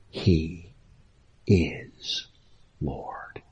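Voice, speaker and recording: A man preaching with a low, deliberate voice that turns very breathy and airy. He talks slowly, leaning hard on key words and then sinking into near-whispers. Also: animated, dull audio. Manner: emphatic, drops to hushed whispers on key words. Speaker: pastor. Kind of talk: preaching radio talk.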